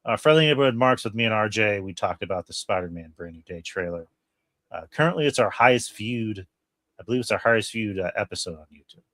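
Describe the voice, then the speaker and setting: A man's voice: on the low side, animated, fast talker, fairly bright tone, dry recording. A man hosting a casual podcast, rambling along with plenty of fillers and restarts. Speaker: podcast host.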